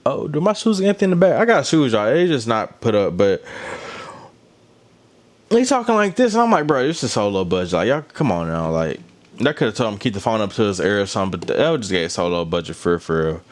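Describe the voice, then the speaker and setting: Chatty lowish-voiced man recapping reality TV. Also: brisk. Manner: chatty, animated, talks straight to viewers. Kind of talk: casual commentary. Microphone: phone or camera held close.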